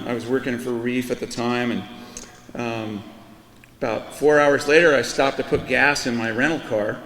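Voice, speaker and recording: A man's voice: mid-range voice, fairly bright tone. A middle-aged man from Florida speaks at an awards ceremony through a PA, his voice ringing around a big echoey hall with a long tail. He tells his story loosely and jokingly, full of ums and you-knows. Faint room noise sits beneath him. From Florida, US East Coast. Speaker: hall of fame inductee. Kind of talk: acceptance speech with a storytelling anecdote.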